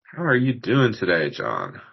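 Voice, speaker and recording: A man's voice: lowish voice, wildly swooping pitch, unhurried, gravelly, dull audio, over loud music. A man from Washington hosting a podcast, chatting casually and rambling a little with many fillers. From Washington, United States. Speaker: podcast host. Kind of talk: casual interview chat.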